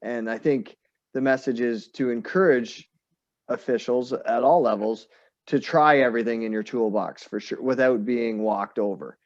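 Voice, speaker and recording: A man hosting an online session, speaking calmly and encouragingly. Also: medium pitch, normal speed, no echo. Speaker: host. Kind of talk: casual chat on a video call. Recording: dull, dry sound.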